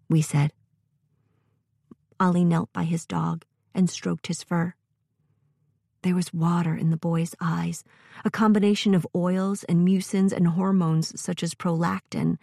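A woman reading a story aloud in a gentle, measured way, as a narrator. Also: fairly low pitch, level tone, creaky, dry recording, clean studio sound.

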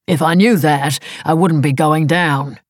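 Woman reading a curt evasive older husband, clipped lines, husky low voice. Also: measured pace, no echo, clean studio sound.

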